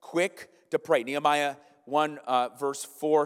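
Male pastor, sermon, emphatic and conversational, slightly high voice, long church reverb. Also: takes it slowly, hardly any pauses, clean tone. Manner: animated, emphatic, conversational with frequent asides to the congregation. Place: church sanctuary.

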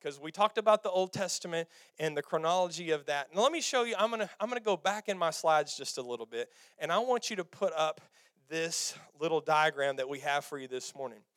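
A male pastor preaching a sermon in church, animated, swinging from quiet to loud and calling on the congregation to respond. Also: a little high, a little fast, dry recording, clean studio sound.

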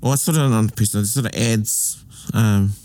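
Mellow-voiced man explaining Māori phrases. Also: fairly low pitch, fairly quick. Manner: patient, explains phrases with examples. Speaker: te reo Māori expert. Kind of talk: casual language chat.

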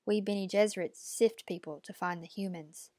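A woman's voice: medium pitch, fairly even intonation, normal speed, a little mellow, no room sound, natural voice. Lady reading as a cold commanding old woman, clipped and bossy, dry recording. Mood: appraising. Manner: clipped, imperious. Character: stern ancient woman tester, cold and commanding.

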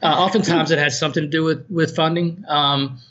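Southern guy from north carolina, kinda high voice, lots of stammery restarts, dull lo-fi audio. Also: fairly even intonation, brisk, a bit bright. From North Carolina, USA. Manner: rambling, stammering restarts, self-deprecating. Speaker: guest, film producer. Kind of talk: casual podcast interview. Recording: dull lo-fi sound.

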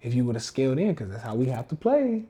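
Husky-voiced man ranting casually. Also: mid-range voice, very animated, quick pace, warm tone. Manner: slangy, emphatic, repeats himself. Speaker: podcast host and trading coach. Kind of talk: casual livestream rant.

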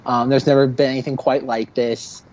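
A man co-hosting a movie podcast, laid-back and filling pauses with um and uh. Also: medium pitch, flat delivery, a little mellow, highs cut off. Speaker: podcast co-host. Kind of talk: casual movie podcast chat.

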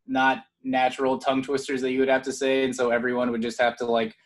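A man's voice: medium pitch, completely flat delivery, fast talker. A young man co-hosting a podcast in casual chat, rambling through stories and laughing often. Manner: rambling, many fillers and restarts, laughs often. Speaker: podcast co-host.

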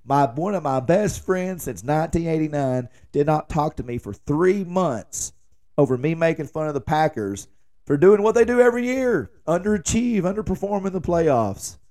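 A man's voice: fairly high pitch, moderate pace. A man, hosting a podcast and telling a long joking story in a rambling late-night monologue. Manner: rambling, joking, animated when quoting himself. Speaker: podcast host.

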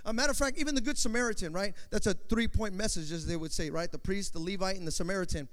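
A male pastor preaching a sermon, talking straight to the congregation and swinging from loud bursts to hushed asides. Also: high-pitched, fast talker. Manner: talks to the congregation directly.

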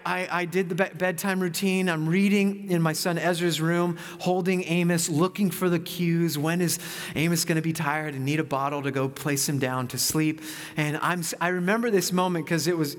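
High-voiced pastor preaching in a hall. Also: male voice. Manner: storytelling, animated, self-mocking. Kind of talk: sermon with personal story. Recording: long reverb of a large hall.

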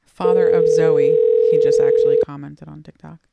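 A woman's voice: sits low, steady tone, moderate pace, gravelly, highs cut off, heavy background noise. A woman co-hosting a casual podcast, dry and teasing. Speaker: podcast co-host. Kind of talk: casual chat.

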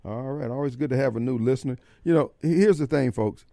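A man's voice: mid-range voice, quick pace, dark tone, no echo. A man hosting a radio talk show, folksy and fiery, taking callers and giving warnings. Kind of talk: talk radio monologue and call-in.

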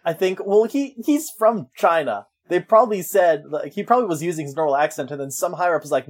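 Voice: mid-range voice, animated, quick pace, hardly any pauses. A co-host chatting casually, sharing trivia in a playful way. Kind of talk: casual chat.

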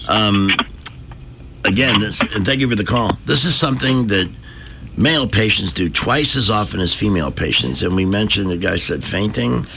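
A man's voice: on the low side, lively intonation, moderate pace, vocal fry, background noise. A man hosting a morning radio show, running a call-in quiz with jokey, teasing banter.

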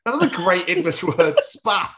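A man's voice: sits high, big pitch swings, normal speed, gravelly, sharp tone. A Scottish man co-hosting a podcast, rambling and giggling through sweary banter. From Scotland. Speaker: podcast co-host. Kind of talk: casual chat.

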